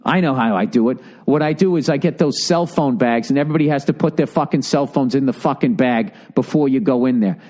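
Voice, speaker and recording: A comedian hosting a podcast, ranting heatedly and sarcastically, with constant swearing. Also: male voice, mid-range voice, fairly quick, few pauses, a little mellow. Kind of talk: profane comedic rant.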